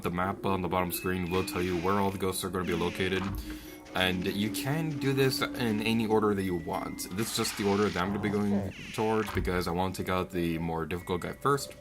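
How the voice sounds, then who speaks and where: A man giving jokey let's-play commentary, who rants and yells at enemies in the game. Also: fairly low pitch.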